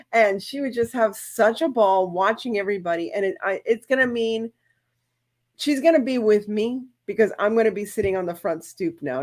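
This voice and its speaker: A woman hosting a live-stream from her craft channel, talking casually and at length. She rambles warmly from one plan to the next, with heartfelt moments. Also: mid-range voice. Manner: chatty, rambling, emotional.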